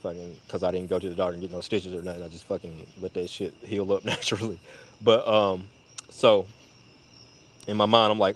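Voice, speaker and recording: A man casually telling a long personal story, full of swearing, who jumps to a much higher voice when quoting people. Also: moderate pace, long pauses. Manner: profane, animated retelling with high-pitched voices for quoted people. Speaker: storyteller on a live audio chat.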